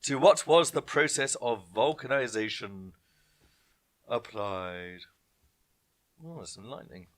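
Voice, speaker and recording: A man's voice: mid-range voice, slow pace, long pauses. A man hosting an online pub quiz, reading each question twice and dropping jokey asides to viewers. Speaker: quiz host.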